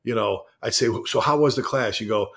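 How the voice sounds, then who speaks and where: A man's voice: mid-range voice, creaky, a bit bright. Male fire chief, easygoing podcast banter. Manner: friendly ribbing, halting with fillers. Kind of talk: casual chat.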